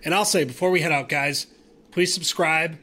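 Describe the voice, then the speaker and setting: A man co-hosting a casual sports podcast, excitable and animated, with stammering restarts. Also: on the high side, normal speed. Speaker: podcast co-host.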